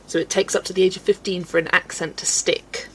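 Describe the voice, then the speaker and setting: A woman hosting a relaxed livestream, chatting and laughing with viewers as she greets them by name. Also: on the low side, brisk, slight background noise. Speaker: livestream host. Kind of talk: chatty livestream while colouring, reading chat.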